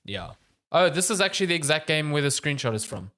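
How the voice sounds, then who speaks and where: A man's voice: fairly high pitch, big pitch swings, fast talker, pushed and bright. A man of thirty co-hosting a gaming podcast, rambling in casual chat, trailing off mid-thought and swearing offhandedly. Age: 30s. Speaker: podcast co-host.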